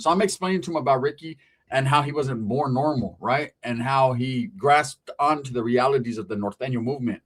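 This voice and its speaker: A man telling a comedic story with animated, profane, slangy delivery. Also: mid-range voice, a little fast.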